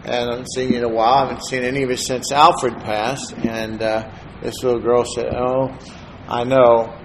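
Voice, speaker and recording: A man's voice: medium pitch, little pitch movement, brisk, slight background noise, rough recording. Man preaching in a storytelling way. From Texas, USA. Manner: conversational storytelling, soft-spoken asides. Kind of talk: sermon.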